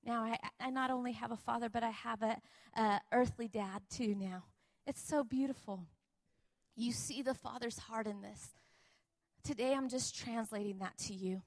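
A woman preacher and missionary telling a personal testimony in an emphatic, repetitive, animated way. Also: a little high, moderate pace. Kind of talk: testimony sermon.

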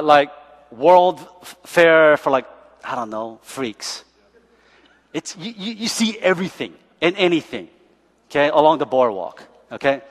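A man's voice: fairly high pitch, fairly bright tone. A man in his forties, a pastor, preaching a sermon as chatty stories, often laughing and asking "right?". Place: church. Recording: echoey church hall.

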